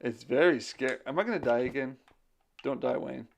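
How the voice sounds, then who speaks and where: A man's voice: mid-range voice, fairly quick, creaky, noisy background. A man streaming a game, casually chatting to himself and his viewers between thoughts on scripture. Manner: chatty, talks to himself while playing. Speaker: game streamer and digital missionary. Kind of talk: casual chat while gaming and reading scripture.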